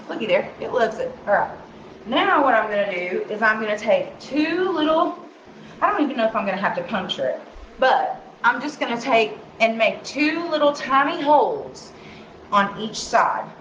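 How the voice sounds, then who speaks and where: A woman's voice: a little high, a bit bright, a little hiss or hum. A woman hosting a live craft demonstration, chatty and sing-songy, talking to herself as she works. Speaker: craft tutorial host. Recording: roomy, slightly dull sound.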